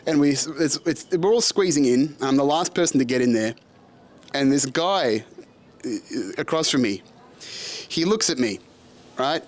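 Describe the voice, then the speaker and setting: A young Australian man with a casual podcast manner, telling a story with a lot of swearing and frequent laughter. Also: mid-range voice. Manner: laughs often, profane, self-mocking. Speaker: podcast host.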